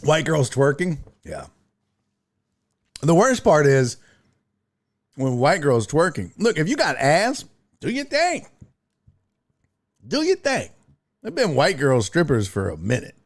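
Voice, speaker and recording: A man's voice: fairly high pitch, very animated, a little slow, pauses often. A man hosting a casual live-stream talk show, reading chat messages and riffing with profanity and laughter.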